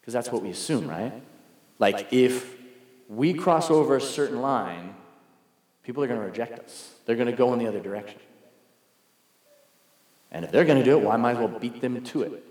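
Pastor preaching in an echoey hall. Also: male voice, mid-range voice, lively intonation, normal speed, long pauses, a little mellow. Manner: conversational storytelling, acts out quoted voices. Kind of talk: sermon.

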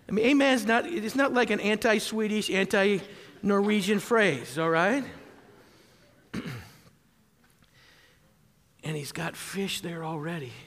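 A high, bright-voiced man preaches a lively sermon, calling out for amens and rising to shouts at the big moments. He is from southwest Wisconsin. His voice rings with a long hall reverb. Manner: animated preaching, calls for amens, shouts at peaks. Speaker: pastor.

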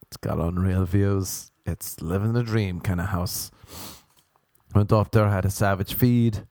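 A man doing rambling, jokey stand-up storytelling, sometimes jumping into high mock voices. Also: a little slow, darkish tone, no room sound, clean studio sound. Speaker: stand-up comedian.

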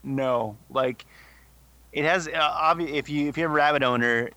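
A man's voice: fairly high pitch, normal speed, bright, forceful tone. A young man co-hosting a podcast, telling a rambling story full of swearing. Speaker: podcast co-host. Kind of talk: casual chat.

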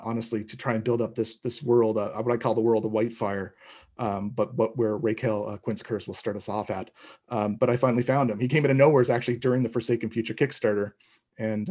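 Casting: middle-aged man, husky, hesitant guest who keeps restarting his sentences. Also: medium pitch, darkish tone. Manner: rambling, hesitant, full of restarts. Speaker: comic book creator, guest. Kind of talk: casual interview talk.

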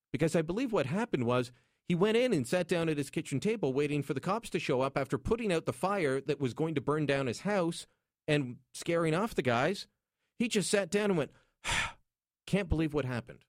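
A man hosts a call-in show with lively, swooping intonation, joking and opinionated. The sound is close and dry from a studio microphone, with no room around him. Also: fairly high pitch, a little fast, dry recording. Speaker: radio talk show host. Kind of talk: call-in talk radio. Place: radio studio.

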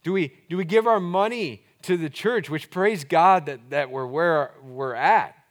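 A man preaching a sermon as pastor, earnest and explanatory, slowing down to stress key words and dropping his voice low for emphasis.

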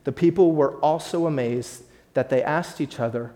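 A man's voice: on the high side, normal speed, hardly any pauses, warm tone. A man as pastor, preaching a sermon and speaking directly to his congregation with rising emphasis.

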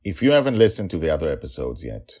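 A man hosting and narrating a daily fantasy story podcast in an animated, chatty way with frequent fillers. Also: extremely low pitch, fast talker.

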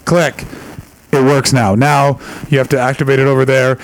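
A man with a rough, gravelly voice does stand-up comedy in a live venue. He jokes with audience members in a loose, conversational style. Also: medium pitch, little pitch movement, brisk, dry recording, poor audio. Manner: gravelly, shouts impressions of angry people. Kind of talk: stand-up crowd work.

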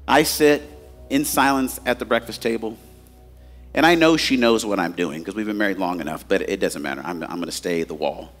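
A man's voice: lowish voice, fairly quick, soft background music. A man in his forties preaching a sermon as a pastor, telling candid, self-mocking stories and addressing the crowd as guys.

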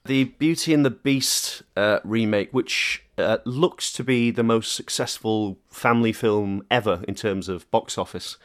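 Laughing, animated male podcast host. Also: on the low side, a little slow, hardly any pauses. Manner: animated, laughs often, jokey asides. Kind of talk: casual chat.

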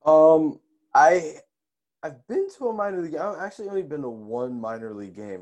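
A man's voice: on the high side, lively intonation, moderate pace, darkish tone. A man co-hosting a podcast in casual chat, hesitant and full of fillers and self-corrections. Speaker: podcast co-host.

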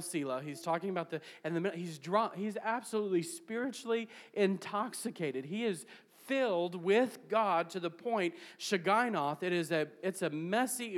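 A man preaching a sermon to a congregation, reading scripture aloud and building to shouted peaks, with jokes and laughter along the way. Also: high-pitched. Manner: preaching with rising bursts of shouting. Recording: long hall reverb.

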